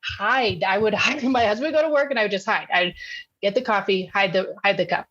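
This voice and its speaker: A woman, a sugar detox coach, telling lively stories in a casual podcast interview and acting out what people said. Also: mid-range voice, fairly quick, muffled recording. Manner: animated storytelling, acts out quotes.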